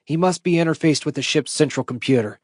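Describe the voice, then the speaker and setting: A man's voice: fairly high pitch, fast talker, a little mellow, no room sound, clean studio sound, voice pushed up, close to an everyday voice. A male audiobook reader voicing a wary former cop who speaks in curt, blunt lines. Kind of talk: audiobook character voice.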